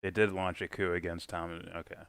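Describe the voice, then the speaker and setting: Low-voiced giggly man streaming reactions. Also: flat delivery, a little fast, a bit bright, smooth, dry recording. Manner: giggly, rambling, profane. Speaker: livestream host. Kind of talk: casual livestream reaction chat.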